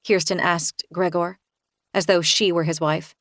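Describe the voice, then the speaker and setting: A woman reading a first-person thriller aloud in an expressive, tense storytelling manner. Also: on the low side, unhurried, no room sound, studio quality. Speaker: audiobook narrator. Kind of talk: first-person novel narration.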